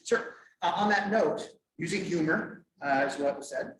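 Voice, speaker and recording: A middle-aged man presenting at a conference, lively and joking as he quizzes the audience. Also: sits high, normal speed. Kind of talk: interactive workshop talk. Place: conference room. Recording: echoey room, mic far off, faint noise.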